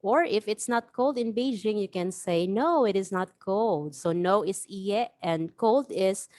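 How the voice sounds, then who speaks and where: A woman teaching a beginner language lesson, explaining patiently and repeating example phrases slowly. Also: medium pitch, darkish tone, no echo, studio quality.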